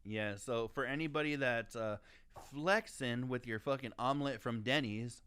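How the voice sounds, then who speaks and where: A man co-hosting a podcast, telling a story in profane, animated casual chat. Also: medium pitch, normal speed, clean tone. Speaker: podcast co-host.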